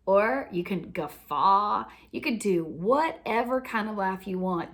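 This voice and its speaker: A woman teaching a laughter practice in a gentle, unhurried way, often dropping to a near whisper. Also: medium pitch, animated. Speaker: laughter coach. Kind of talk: instructional talk.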